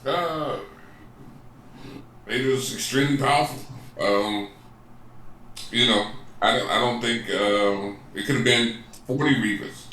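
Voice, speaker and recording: A man's voice: mid-range voice, slow pace, pauses often, bright, forceful tone. Hesitant man far off in a very echoey room. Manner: hesitant, many ums, repeats himself. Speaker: podcast guest. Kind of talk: casual chat. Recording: distant, very echoey with faint noise.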